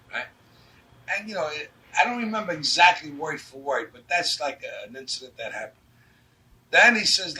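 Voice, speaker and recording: A man's voice: mid-range voice, very animated, a little fast, pushed and bright. An older man with a New York accent telling blunt, streetwise stories in an interview, acting out the dialogue. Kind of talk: anecdotal storytelling. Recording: distant mic with faint background noise.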